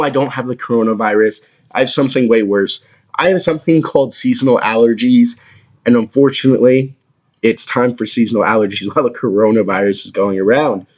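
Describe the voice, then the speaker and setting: A man in his twenties hosting a comedic podcast, with a crude, excitable way of talking and a lot of swearing. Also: medium pitch. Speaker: podcast host.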